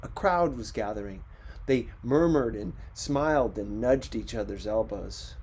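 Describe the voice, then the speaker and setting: A man reading a short story aloud in slow, measured narration. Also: on the low side, a little mellow, husky. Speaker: reader. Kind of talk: audiobook narration.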